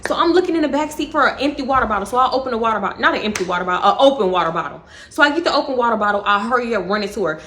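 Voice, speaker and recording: A woman with a Texas accent telling a casual storytime, animated, profane and dramatic. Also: on the high side, racing, few pauses, a little hiss or hum. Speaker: vlogger.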